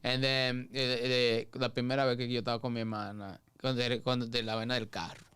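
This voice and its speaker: A man's voice: mid-range voice, quick pace, smooth, no echo. Man with a clean, dry voice. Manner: animated, switches into Spanish mid-sentence. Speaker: guest, comedian. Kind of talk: casual storytelling.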